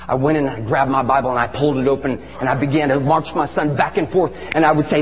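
A middle-aged man preaching a sermon with animated, emphatic storytelling. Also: fairly high pitch, fast, hardly any pauses. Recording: dull lo-fi recording in a reverberant hall with faint hum.

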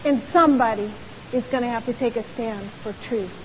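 High-voiced woman preaching a sermon. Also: brisk. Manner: emphatic, rhetorical questions. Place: church. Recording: dull lo-fi recording with long hall reverb and faint hiss.

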